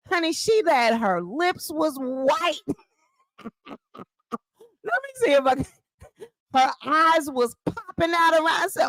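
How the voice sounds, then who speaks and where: A woman hosting a vlog, delivering casual gossip commentary in a profane, animated way that is full of laughter. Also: high voice, slow, long pauses, no room sound. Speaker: vlog host.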